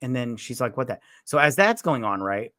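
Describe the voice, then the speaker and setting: A man's voice: mid-range voice, very animated, normal speed, fairly bright tone, no echo, clean studio sound. A man co-hosting a casual movie review chat, rambling and retelling scenes with a lot of "he's like.". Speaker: movie review podcast co-host.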